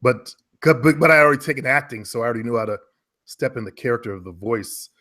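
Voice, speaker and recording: A man with an American accent, chatting casually and giving relaxed, talkative advice about voice work. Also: mid-range voice, fast. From United States. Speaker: guest, former radio and commercial voice talent. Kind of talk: casual conversation.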